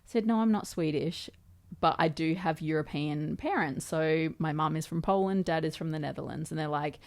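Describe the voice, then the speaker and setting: A woman's voice: sits low, moderate pace, darkish tone. A woman in her thirties with an Australian accent, chatting casually and telling a story to the camera with lots of fillers. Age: 30s. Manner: chatty, lots of fillers, quoting others in conversation. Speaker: vlogger.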